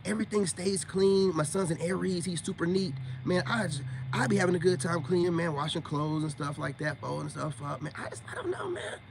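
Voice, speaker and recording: A man's voice: high-pitched, expressive, a little fast, vocal fry, few pauses, slight background noise. A man, casually livestreaming to viewers and teasing them with a drawling manner. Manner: drawling, teasing, repeats "you know what I'm saying". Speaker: self-styled spiritual coach livestreaming to viewers. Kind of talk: casual livestream talk to chat.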